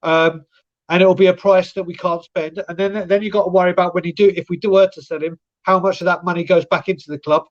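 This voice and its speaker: A man's voice: high-pitched, fairly even intonation, quick pace, dull audio. A man co-hosting a live football fan stream, ranting sarcastically and swearing.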